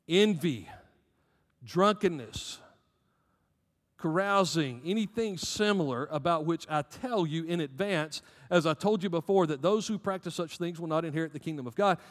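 A man's voice: on the high side, moderate pace, in a large hall. A man with a Southern American accent preaching a sermon as pastor, emphatic, rising and dropping in volume.

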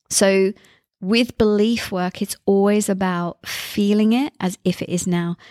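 A woman hosting a self-help podcast, coaching listeners through affirmations in a calm, guided way. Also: mid-range voice, no echo, studio quality. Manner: coaching, repeats affirmations in first person. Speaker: podcast host. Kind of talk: motivational talk.

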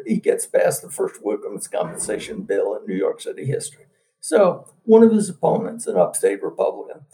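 A man tells anecdotes as an interview guest, acting out the quotes as he goes. His voice is high and gravelly, with a dark tone and wide swings in pitch. He sits a little back from the microphone. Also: distant mic. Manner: animated storyteller who acts out quotes. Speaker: author and guest.

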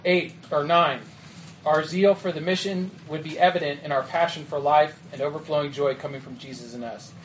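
A man giving a training talk to youth ministry leaders in a conversational way, often checking in with "okay?" and "right?" and acting out quick exchanges. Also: fairly high pitch, fairly even intonation, a little hiss or hum. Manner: acts out quick quoted exchanges. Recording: echoey room with faint ambience.

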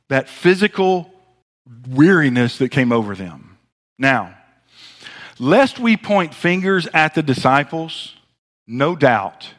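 With a high-sitting voice, a Southern-accented man from the American South delivers a sermon as pastor, pausing dramatically and shifting sharply between quiet and loud.

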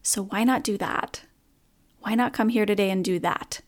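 She runs her own podcast and, in a medium-pitched voice at moderate speed, talks openly and sincerely about a rough morning. The piece is a reflective solo monologue.

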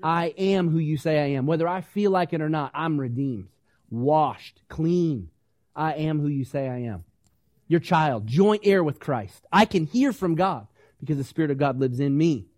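High-voiced preacher, dry sound. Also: male voice, a little slow, dry recording. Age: young adult or middle-aged, parent of small kids. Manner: animated preaching, acting out quoted voices, asking the congregation questions. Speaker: pastor. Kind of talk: sermon.

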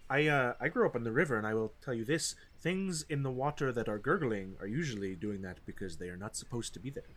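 A man's voice: medium pitch, animated, fast, fairly bright tone. A man playing a tabletop game, joking around and stammering through his lines. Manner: jokey, stammering. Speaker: player. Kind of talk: casual tabletop play.

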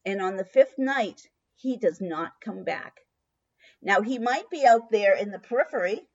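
A woman hosting a diet workshop, giving a motivational talk and telling a long story with lively, acted-out asides. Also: a little high, slightly rough. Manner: storytelling with expressive voiced asides. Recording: dull lo-fi recording.

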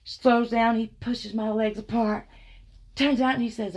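A woman narrating an explicit erotic story in a slow, breathy, sultry way. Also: on the high side, flat delivery, a little mellow.

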